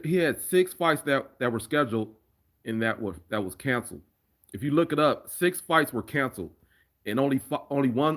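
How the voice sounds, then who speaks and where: A man hosting a casual live stream, chatting loosely with viewers about fights and his remixes, often restarting sentences. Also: mid-range voice. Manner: rambling, conversational, restarts often. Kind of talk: casual live chat reading viewer comments.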